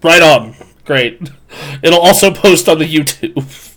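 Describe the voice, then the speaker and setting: A man's voice: a little high, lively intonation, slow pace, a bit bright. A man in his twenties telling a crude, self-mocking story on a live stream, full of fillers and rambling asides.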